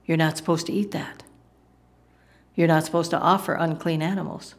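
Low-voiced woman preaching emphatically. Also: steady tone, moderate pace. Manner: emphatic, with rhetorical questions to the congregation; explains Greek word meanings. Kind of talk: sermon.

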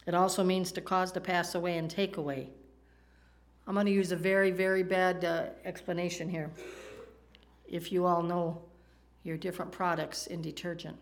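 Delivering a sermon, this woman keeps things conversational and often turns to the audience with questions. She has a lowish voice with a level tone and talks at a normal speed.

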